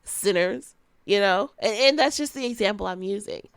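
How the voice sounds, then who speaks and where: A woman's voice: medium pitch, moderate pace, smooth, no echo. A young woman hosting a podcast, talking casually and frankly, with slang and frequent laughs. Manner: animated, plays out quoted friends in sassy voices. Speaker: podcast host.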